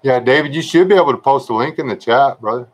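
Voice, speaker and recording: A man's voice: mid-range voice, fast, husky, poor audio. A man hosting a livestream, chatting casually with viewers and joking around with them. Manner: laid-back, joking, chatting to viewers by name. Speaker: livestream host.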